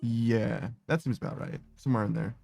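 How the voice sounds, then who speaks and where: A gaming streamer talks briskly in a medium-pitched, creaky, slightly mellow voice with fairly even intonation. His casual chat with viewers is rambling and giggly, full of swearing and self-mockery. Faint music plays behind a dry close mic.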